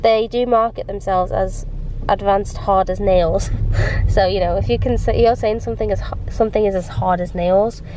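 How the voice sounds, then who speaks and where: A woman's voice: medium pitch, steady tone, moderate pace, mellow, slight background noise, low-quality recording. A woman with a cold, chatting and rambling in a casual home vlog, sniffling and giggling as she loses her train of thought. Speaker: vlogger. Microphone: handheld compact camera.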